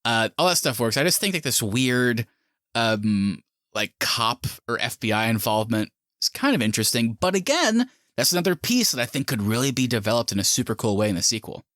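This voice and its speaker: Brief: animated male podcast co-host, expressive pitch, dry studio sound. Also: no room sound. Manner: animated, quick asides and voiced reactions. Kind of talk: casual movie discussion.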